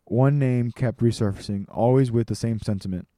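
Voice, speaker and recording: A man reading a personal story aloud, measured and with dramatic pauses. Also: mid-range voice, warm tone, dry recording, studio quality.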